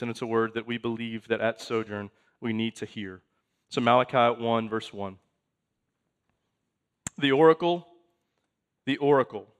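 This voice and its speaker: A man's voice: mid-range voice, a bit bright. A man in his thirties, a pastor preaching a sermon in a conversational way, reading scripture aloud and making asides to the congregation.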